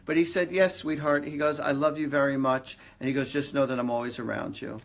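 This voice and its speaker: A man's voice: mid-range voice, steady tone, fairly quick. A man hosting a live stream, giving psychic readings in a rambling, conversational way with lots of fillers. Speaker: psychic medium host.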